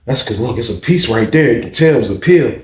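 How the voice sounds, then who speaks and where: A man's voice: medium pitch, quick pace, a crowd in the background. A man telling a story in casual talk, swearing constantly and acting out what other people said. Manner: animated, acts out the other people's lines. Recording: echoey room.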